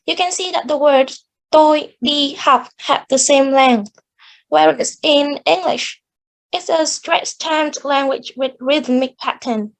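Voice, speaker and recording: A woman's voice: sits high, measured pace, gravelly, poor audio. A woman giving an academic presentation on English pronunciation, explaining carefully with small restarts. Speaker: student presenter.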